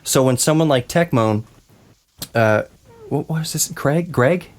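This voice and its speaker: A man's voice: mid-range voice, unhurried. A man hosting a casual podcast roundtable, talking in rambling, self-interrupting runs and laughing often. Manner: rambling, talks over himself, laughs often. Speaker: podcast host.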